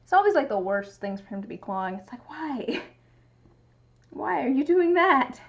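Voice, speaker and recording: A woman's voice: high voice, very animated, moderate pace. Young woman chatting to her cat on a stream. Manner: talks to her cat in a cooing baby voice. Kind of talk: casual livestream chat. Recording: muffled lo-fi stream audio.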